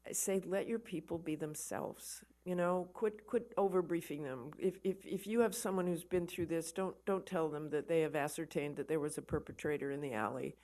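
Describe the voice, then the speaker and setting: A woman giving a conversational lecture to an army audience, telling stories with animated emphasis and often repeating words as she starts a thought. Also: low voice, moderate pace, hardly any pauses. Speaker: guest lecturer, war correspondent. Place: lecture event for an army association.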